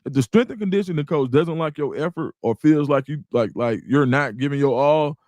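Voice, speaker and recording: A middle-aged man with an Atlanta accent, hosting a casual livestream, reading chat comments and talking in a loose, animated, slangy way. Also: fairly high pitch, brisk, no echo. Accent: Atlanta Black Southern English. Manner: animated, repeats words, slangy, reads chat aloud. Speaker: livestream host.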